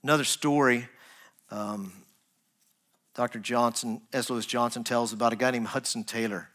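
A man preaching a sermon as pastor, earnest, rising to emphatic points and dropping to soft, quiet asides. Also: mid-range voice, steady tone, normal speed. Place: church.

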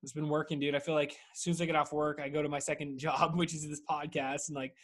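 Male podcast host, thirties, slightly high voice, laid-back profane rambler. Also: level tone, quick pace, a bit bright. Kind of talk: casual solo podcast monologue. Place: at home.

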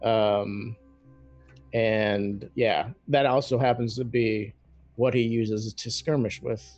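A man's voice: on the low side, fairly even intonation, slow, a little mellow. A man playing a tabletop game, chatting casually and rambling hesitantly. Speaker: player. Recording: dull lo-fi sound with faint music.

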